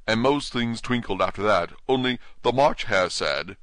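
A man's voice: medium pitch, normal speed, a bit bright, dry recording, voice pushed up, natural voice. A man voicing a nervous, flustered hatter who stammers and trembles before a king.

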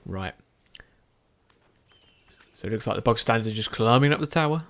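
A man's voice: fairly low pitch, animated, normal speed. Worn out guy talking over his game, keeps restarting sentences, scratchy throat. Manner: rambling, self-correcting, chatty. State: tired with a sore throat. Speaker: gaming video host. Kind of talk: casual game commentary.

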